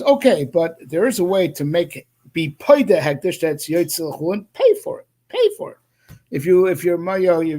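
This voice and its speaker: Male rabbi lecturing on a text; raised pitch, gravelly fry, animated and full of restarts. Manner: animated, thinking aloud with many restarts and "you know". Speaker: rabbi teaching Torah. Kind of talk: Torah class, explaining a text.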